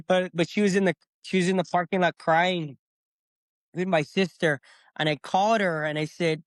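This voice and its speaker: The middle-aged man here has a high-pitched, brisk voice with no room sound. He's a podcast guest in casual storytelling mode, lively as he relates his own story and reenacts what he said then.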